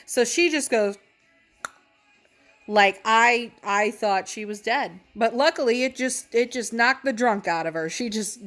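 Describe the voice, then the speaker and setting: A woman's voice: fairly high pitch, a little slow, fairly bright tone, soft background music. A young woman telling funny stories in a brash, profane, self-mocking way, laughing as she talks. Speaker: comedic storyteller. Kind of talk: casual storytelling.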